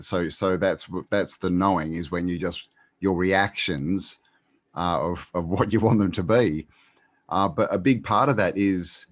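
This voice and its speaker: A man speaking in a very low voice, recorded dry and close. He talks as a guest in a relaxed conversation, pausing often with ums and restarting his sentences. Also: no room sound. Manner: hesitant, many ums and restarts. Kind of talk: casual conversation.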